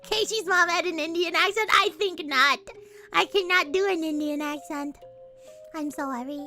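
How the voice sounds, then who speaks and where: A woman's voice: very high voice, moderate pace, sharp tone, faint music behind. A woman streamer chatting casually while reading a game aloud, playful and jokey, swearing and laughing often. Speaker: streamer and voice actor.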